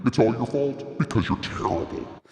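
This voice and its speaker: A man voicing his own harsh inner critic as a scornful monster voice, slow and accusing. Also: mid-range voice, lively intonation, warm tone, echoey room, in a large hall, natural voice.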